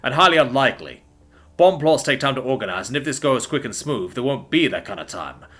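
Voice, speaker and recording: A man voicing a commanding army major giving brisk orders with a thickened accent. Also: mid-range voice, sing-song, a bit bright, faint music behind. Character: gruff stressed male army major.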